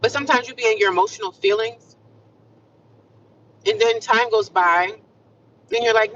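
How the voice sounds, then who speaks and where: An upbeat woman livestreams from inside a car, chatting casually in a warm, affirming way. Her fairly bright, high-leaning voice moves at a moderate pace with frequent pauses. The phone mic picks her up from a bit far off, sounding distant and muffled with slight background noise.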